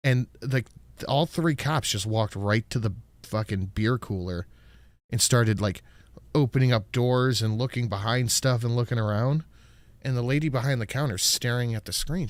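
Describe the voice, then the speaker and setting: A man's voice: mid-range voice, normal speed, no echo. Casual, profane male podcast host. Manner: loose, profane storytelling with fillers. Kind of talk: casual live-stream chat.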